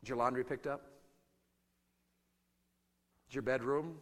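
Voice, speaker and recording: A man preaching a sermon to a congregation. He drops to hushed asides, shouts out acted battle cries, and keeps asking the crowd to answer him. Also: mid-range voice, steady tone, unhurried, in a large hall. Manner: calls out to the congregation for responses.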